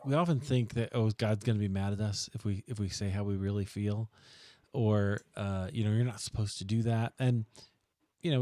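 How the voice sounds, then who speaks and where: A man hosting a casual interview, responding thoughtfully in a halting way. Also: mid-range voice, mellow, no echo. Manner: reflective, halting, with fillers and restarts. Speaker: interview host.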